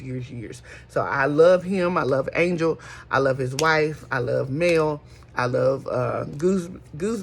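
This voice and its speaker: A woman's voice: sits low, slightly rough. A middle-aged woman, hosting a folksy casual chat and calling listeners honey. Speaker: host.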